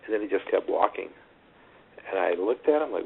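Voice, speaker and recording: Deep, gravelly man on a phone line. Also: expressive, fairly quick. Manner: earnest, rambling with restarts. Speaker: tennis coach. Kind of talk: storytelling in a phone interview. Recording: tinny phone line with faint hiss.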